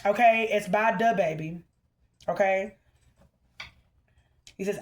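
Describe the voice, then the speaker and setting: A fairly high-voiced woman delivers a collective spiritual reading to her viewers. She speaks with emphasis, keeps punctuating her points with "okay?", and calls out to the ancestors as she goes. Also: a little slow. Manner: emphatic, repeatedly checks in with "okay?"; excited and bouncy at moments. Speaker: spiritual reader.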